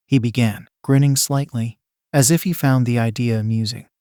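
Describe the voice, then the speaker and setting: A man's voice: mid-range voice, fairly even intonation, normal speed, warm tone, clean tone, dry recording, clean studio sound. A man steadily narrating a fan fiction story.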